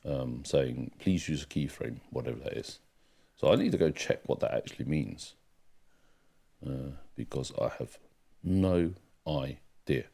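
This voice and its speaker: A man's voice: very deep voice, measured pace, vocal fry, warm tone, slightly rough. A man co-hosting a music livestream, reading out the chat in a rambling, casual way with lots of fillers. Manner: chatty, rambling, with many fillers. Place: home during a music livestream.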